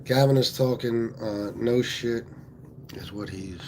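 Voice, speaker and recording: A man's voice: medium pitch, takes it slowly, slight background noise. A man from Pennsylvania hosting a casual livestream, talking bluntly with plenty of swearing and reading viewer comments aloud. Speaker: livestream host.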